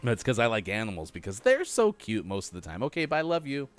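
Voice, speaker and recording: A man's voice: mid-range voice, wildly swooping pitch, fairly quick, soft background music. A man hosting a casual morning show, chatty and laughing at his own jokes. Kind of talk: casual live-stream chat.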